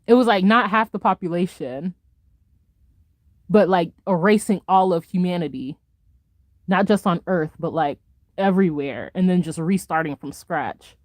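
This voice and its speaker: A young adult woman live streamer, ranting in a casual, animated way with lots of slang and laughter while she reads chat. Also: on the low side, no room sound. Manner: animated, fast-talking rant with frequent laughter and slang.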